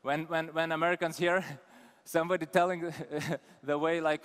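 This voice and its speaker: A man's voice: a little high, little pitch movement, moderate pace, hardly any pauses, a bit bright, clear, resonant tone. A man with an Eastern European accent giving a live conference talk, teasing and calling out members of the audience. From Lithuania. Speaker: conference speaker. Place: large conference hall. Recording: long hall reverb.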